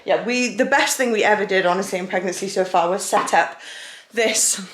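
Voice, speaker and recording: A heavily pregnant young woman vlogs casually to camera from her living room, sounding a little out of breath. Her medium-pitched voice moves a little fast, and the sound is roomy with background noise.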